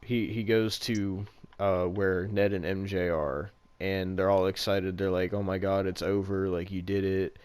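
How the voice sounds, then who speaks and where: A man with a deep, low voice chats casually as a podcast host. He rambles through a story, stacking "like" fillers and dropping the odd swear word. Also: level tone, measured pace, hardly any pauses, a little mellow, smooth. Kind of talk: casual chat retelling a movie plot.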